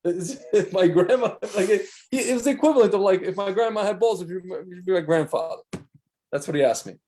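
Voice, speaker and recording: Rambling, animated man in casual chat. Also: high-pitched, fairly quick. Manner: rambling, animated storytelling with many restarts. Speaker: podcast co-host.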